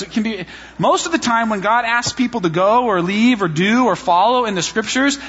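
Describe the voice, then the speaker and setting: A man preaching a sermon in a church, telling personal stories in an animated, self-deprecating way. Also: sits high, husky. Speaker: pastor. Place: church sanctuary. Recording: reverberant hall, slightly dull sound.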